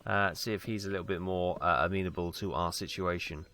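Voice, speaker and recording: Speaking briskly in a low-pitched, steady voice with a bright, forceful tone, this let's play host from Wales rambles casually about his game. He's on a close mic at home, his talk full of ums and side comments.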